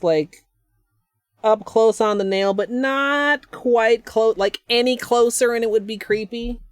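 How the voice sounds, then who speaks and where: A woman's voice: on the low side, no echo, clean studio sound. A woman chatting casually while livestreaming a nail art session, rambling and joking to her viewers. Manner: chatty, rambling, self-deprecating asides.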